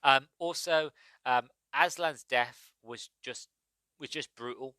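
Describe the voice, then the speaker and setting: A man's voice: mid-range voice, slow, pushed and bright, smooth, no echo. A man hosting a solo movie review podcast, talking enthusiastically and rambling with lots of fillers. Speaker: podcast host.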